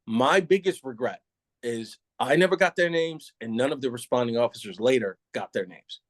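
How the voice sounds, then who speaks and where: A middle-aged retired New York City police officer tells a candid story in a medium-pitched voice at a moderate pace, with no room sound. He's animated, laughing often and acting out other people's lines.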